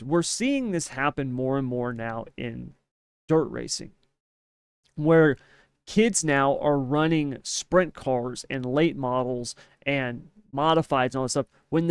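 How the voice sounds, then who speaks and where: A man's voice: mid-range voice, clear, resonant tone, dry recording, studio quality. A man co-hosting a podcast in casual opinion chat, emphatic and ranting, often tagging his points with "right?". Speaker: podcast co-host.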